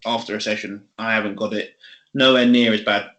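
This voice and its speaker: Bright-voiced, swearing young man. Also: on the low side, fairly quick. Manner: swears a lot, laughs often, animated storytelling. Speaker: podcast co-host. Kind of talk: casual chat.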